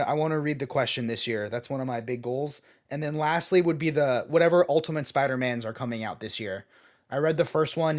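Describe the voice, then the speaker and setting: A man's voice: mid-range voice, a little mellow. A man co-hosting a casual comics talk show, chatty with many fillers and frequent laughs. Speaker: podcast host. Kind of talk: casual chat about comics.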